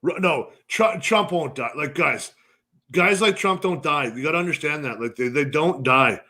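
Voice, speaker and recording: A man's voice: fairly high pitch, animated, normal speed, sharp tone. A man co-hosting a podcast in casual chat, swearing often and rambling through jokes. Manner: profane, rambling, joking. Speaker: podcast co-host.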